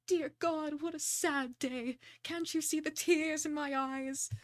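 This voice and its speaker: A woman voicing a haughty high-society widow who talks slowly and theatrically, full of her own importance. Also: steady tone, no echo, studio quality. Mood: mournful. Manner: slow, theatrical, self-important.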